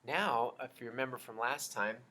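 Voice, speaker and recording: A man teaching a children's music lesson, explaining slowly and patiently and chanting rhythm syllables. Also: mid-range voice, bright, forceful tone.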